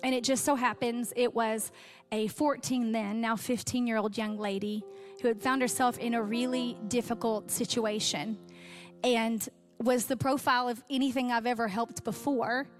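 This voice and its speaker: A woman's voice: a little high, fairly even intonation, moderate pace, faint music behind. A woman giving a heartfelt sermon testimony, her voice catching with emotion as she tells her story.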